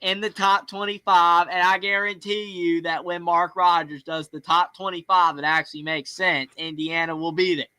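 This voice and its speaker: A Southern man with a bright, sharp voice chats loosely as a call-in show host, rambling through fillers and restarts. His voice sits a bit high for a man and sounds close and dry. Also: level tone, moderate pace, few pauses, clean tone, no echo. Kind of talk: casual chat.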